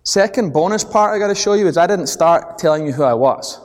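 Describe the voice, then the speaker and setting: A man's voice: sits high, brisk. A middle-aged man with a Scottish accent giving a business seminar, telling stories with energy and checking in with the audience. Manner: animated storytelling, checks in with the audience. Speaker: seminar speaker. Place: large presentation hall. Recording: long echo of a large hall.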